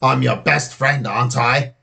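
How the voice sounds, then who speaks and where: A man's voice: mid-range voice, fairly even intonation, unhurried, creaky, pushed and bright, exaggerated voice. A man voicing a pushy, nosy schoolboy friend in a children's story, reading his lines in a pestering, suspicious way.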